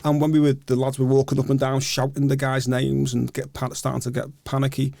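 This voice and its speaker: Gravelly man telling a hard story. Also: mid-range voice, monotone, darkish tone, no room sound, clean studio sound. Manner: halting, repeats words, then earnest and vivid. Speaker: guest, author. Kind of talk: casual storytelling interview. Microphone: podcast microphone.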